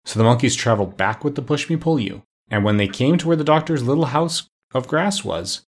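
A man narrates a children's storybook with expressive, animated delivery. His voice is husky, with a lively pitch that rises and falls through the sentences. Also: brisk. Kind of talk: reading a children's story aloud.

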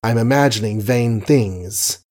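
A man reading an audiobook voices a shy, lovestruck young gentleman who stammers. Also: mid-range voice, natural voice. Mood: earnest. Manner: halting, stammering.

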